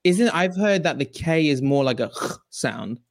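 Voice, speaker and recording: A man hosting a casual podcast interview, easygoing and chuckling, often stumbling into quick restarts. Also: fairly high pitch, expressive, creaky, dry recording. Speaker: podcast host.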